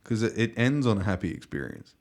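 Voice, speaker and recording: Casual podcast co-host, a man with a deep gravelly voice and a swinging, lively delivery, profane and joking. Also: fast.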